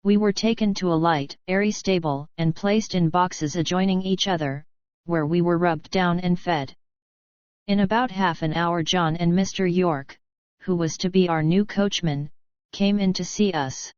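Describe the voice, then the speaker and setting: A woman narrating a classic novel for an audiobook, calm and even in her storytelling. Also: lowish voice, measured pace, no echo. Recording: slightly muffled, dry close mic.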